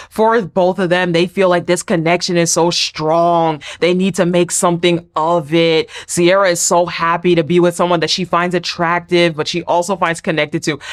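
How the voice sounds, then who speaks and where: A woman giving a casual, chatty reality TV recap, often acting out cast members in high mocking voices. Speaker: recap vlogger.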